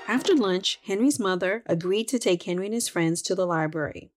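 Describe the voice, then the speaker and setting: A woman hosting a children's podcast and narrating a story in an expressive read-aloud style. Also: medium pitch, brisk, hardly any pauses, soft background music.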